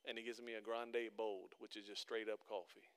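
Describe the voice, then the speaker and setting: A man's voice: lowish voice, little pitch movement, moderate pace, a bit bright, clear, resonant tone. A man preaching a sermon as pastor, telling everyday stories and building into emphatic, repeated calls to his congregation. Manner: conversational storytelling that builds into emphatic repeated exhortation. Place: church.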